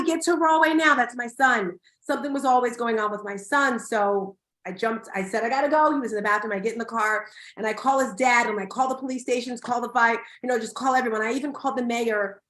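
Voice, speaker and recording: A woman's voice: fairly high pitch, a bit bright. A middle-aged woman hosting an online summit, telling a personal story to her audience in a heartfelt, emotional way. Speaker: summit host. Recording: echoey room.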